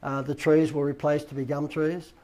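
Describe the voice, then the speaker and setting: A man's voice: a little high, flat delivery, normal speed, a little mellow. An Australian man hosting his own show, telling a rambling anecdote and acting out the dialogue he quotes. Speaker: host. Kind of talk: casual anecdotal storytelling.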